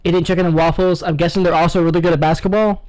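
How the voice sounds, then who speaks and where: A man's voice: high-pitched, little pitch movement, very fast, a little mellow, poor audio. A young man hosting a comedy podcast, steering the talk and teasing with provocative leading questions. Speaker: podcast host steering the topic. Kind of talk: casual comedic banter.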